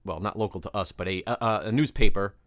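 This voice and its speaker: A man's voice: fairly low pitch, brisk, a bit bright, dry recording. Rambling podcast host man, dry sound. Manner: rambling, filler-heavy setup with many restarts. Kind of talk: casual chat.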